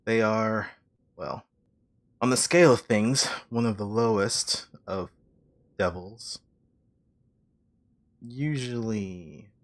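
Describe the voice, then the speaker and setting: A man playing a tabletop game who speaks in a measured, deliberate way. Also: on the low side. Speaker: player. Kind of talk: tabletop game in-character talk.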